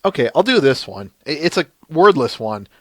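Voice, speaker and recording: A man's voice: fairly high pitch, very animated, moderate pace, no echo. A man with a Minnesotan accent hosting a casual live-stream podcast, chatty and laughing, often restarting his sentences. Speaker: podcast host.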